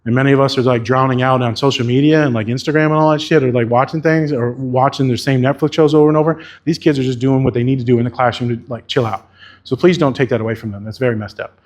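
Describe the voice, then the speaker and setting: A man's voice: medium pitch, fairly even intonation, fast. Candid, swearing man giving a keynote. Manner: candid, casual, swears freely. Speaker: keynote speaker, therapist. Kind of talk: conference keynote speech. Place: conference venue.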